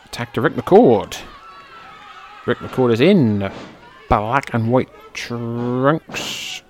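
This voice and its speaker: A man calling old wrestling footage play-by-play as a fan, in a relaxed way that bursts into excited swearing. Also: mid-range voice, extremely slow, a little hiss or hum. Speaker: fan commentator.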